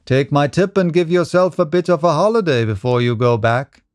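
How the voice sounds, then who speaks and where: A man's voice: a little high, normal speed, clear, resonant tone, no echo, natural voice. A man voicing a hearty man who urges and cajoles jovially. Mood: urging. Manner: urging, jovial.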